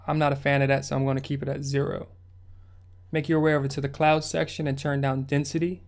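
A man's voice: mid-range voice, little pitch movement, quick pace. A man hosting a music production tutorial, talking through the steps in a laid-back, slangy way. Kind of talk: casual screen-recorded tutorial narration.

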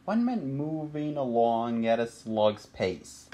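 Slow, lively storybook narrator over music. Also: mid-range voice, slight background noise. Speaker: audiobook narrator.

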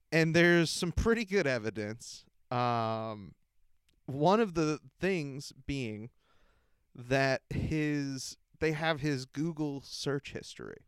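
A man's voice: medium pitch, clean tone, dry recording, clean studio sound. A young man hosting a casual solo podcast, rambling with many fillers, laughing and swearing as he tells stories. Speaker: podcast host.

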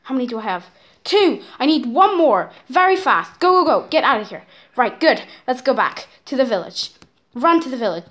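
A woman talks her viewers through a survival game with high, bouncy excitement. Her voice is pitched up and swings widely as she narrates, cries out in alarm and fusses over every move. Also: a little fast. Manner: excitable, dramatic, often addresses viewers as guys. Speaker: channel host playing a survival game. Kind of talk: let's-play game commentary.

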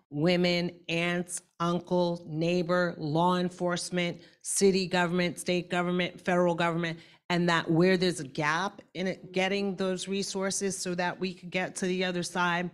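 A woman speaking as a panelist in a discussion, deliberate and emphatic, building long lists of points. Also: lowish voice.

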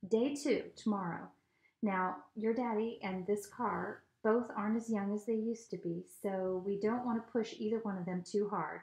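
A woman reading a storybook aloud, voicing a mother who briskly lays out her family's carefully planned trip. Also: mid-range voice, fairly even intonation, darkish tone, close to an everyday voice. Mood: matter-of-fact. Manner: brisk, matter-of-fact planning. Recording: echoey room.

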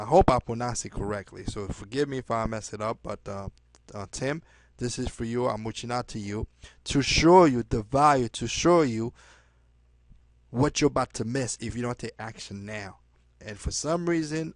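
A man making a direct-to-camera sales pitch as a network marketing recruiter, pushy and halting, dropping "okay?" again and again, with loud bursts of emphasis and quiet trailing asides. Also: no room sound. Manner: pushy, repeats "okay?" often, halting restarts.

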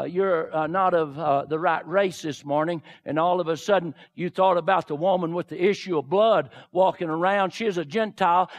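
High-voiced preaching man. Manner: preaches with dramatic retellings, swinging from low murmurs to shouts. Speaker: pastor. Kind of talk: sermon.

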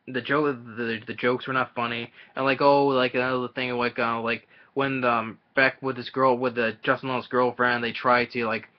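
A man giving a casual, rambling film review, halting often and restarting his sentences. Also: mid-range voice, flat delivery. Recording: dull lo-fi audio.

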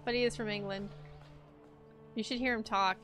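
A young woman with a bright, fairly high voice chats playfully on a game stream, thinking out loud and answering her viewers. Soft music plays faintly behind her on a desk mic. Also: fairly even intonation, moderate pace. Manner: chatty, playful, talks to herself and chat while playing. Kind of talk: casual game-stream chat.

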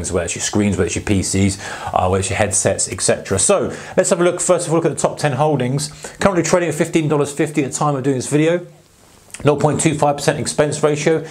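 A man's voice: medium pitch, darkish tone. A man with a British accent hosting a trading channel, explaining in a loose, chatty way with many fillers and speaking to viewers as guys. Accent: British English. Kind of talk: casual explainer talk.

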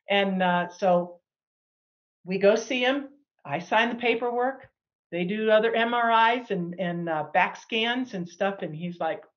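A middle-aged woman sharing a personal healing testimony as a guest, animated and acting out the people she quotes. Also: mid-range voice, unhurried, highs cut off. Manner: animated, acts out quoted dialogue.

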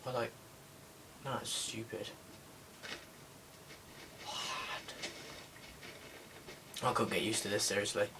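A young gaming video creator mutters his way through casual gameplay commentary, grumbling with no real enthusiasm. His voice is on the low side and steady, slow, with frequent pauses. Background noise and music come through a distant mic.

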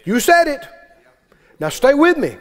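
Male preacher, high and unhurried, earnest sermon in a church with long reverb. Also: big pitch swings, fairly bright tone. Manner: fervent, repetitive exhortation to a congregation.

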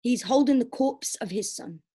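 A young woman performing spoken word poetry in a steady, plainspoken storytelling way. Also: on the high side, normal speed, breathy edge. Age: young adult. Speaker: poet.

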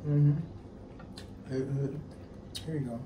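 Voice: fairly even intonation, takes it slowly, muffled recording. A person joking and bantering over a shared meal, teasing with a bouncy voice. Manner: teasing, jumps high when joking. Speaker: co-host at the meal. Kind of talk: playful banter while eating. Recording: echoey, distant mic with faint noise.

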